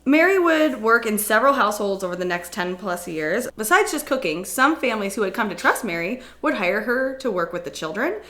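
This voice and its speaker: A woman co-hosts a casual podcast, telling a story in a middle-pitched voice. She swears freely, laughs often and drops into quick silly voices for the people in it. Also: big pitch swings, sharp tone. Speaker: podcast co-host. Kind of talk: casual chat, retelling a history story.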